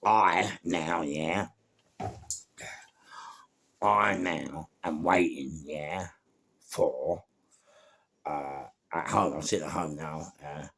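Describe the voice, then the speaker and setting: A man with a London accent telling a story in a casual, animated way, swearing freely and throwing in sound words and laughs. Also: extremely low pitch, extremely slow, vocal fry, long pauses, slightly rough. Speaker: former gangster telling his story.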